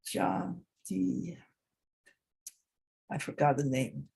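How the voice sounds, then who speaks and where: A woman teaching an informal English lesson, talking in a halting way with many pauses and restarts. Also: fairly low pitch, vocal fry, warm tone, breathy edge.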